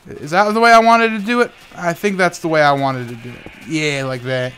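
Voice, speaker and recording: Young male gaming host, clear smooth voice, stammers and restarts often, sounds tired, tosses in silly sound effects. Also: medium pitch, big pitch swings, unhurried, a bit bright, faint music behind. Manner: rambling, frequent stammered restarts. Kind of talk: casual talk while playing Minecraft.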